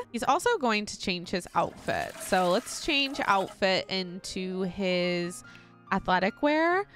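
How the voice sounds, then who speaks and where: A young gaming channel host, mid-range in pitch with a fairly bright tone, offers casual let's-play commentary on her life-sim game, giggling and gushing throughout.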